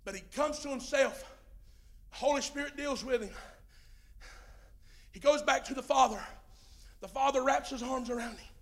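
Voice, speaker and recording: A middle-aged preacher with a strikingly high voice. He delivers his sermon in waves, sinking to a hush and then climbing into long, shouted, stretched-out lines. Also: creaky. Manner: swings from hushed to shouting, drawn-out emphatic phrases.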